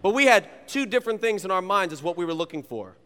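A man, a youth pastor, preaching a sermon and telling stories in an animated, playful way. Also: high-pitched, fast, clean tone. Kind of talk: sermon with personal storytelling. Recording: long reverb of a large hall.

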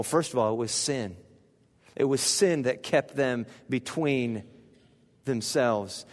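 A man preaching a sermon as pastor, animated, asking the congregation questions and swinging from hushed to loud. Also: medium pitch. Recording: long reverb of a large hall.

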